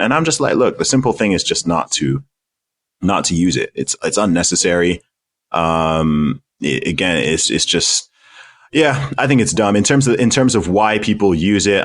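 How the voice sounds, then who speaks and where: A man with a British accent, a guest on a podcast interview, answering bluntly and emphatically and repeating words as he stresses his points. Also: a bass voice. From United Kingdom. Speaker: guest, independent rapper.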